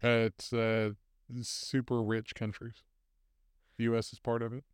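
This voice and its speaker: A man's voice: mid-range voice, monotone, unhurried, clear, resonant tone, no room sound, clean studio sound. A man co-hosting a podcast, giving short replies while his partner talks. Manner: brief listener replies. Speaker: podcast co-host.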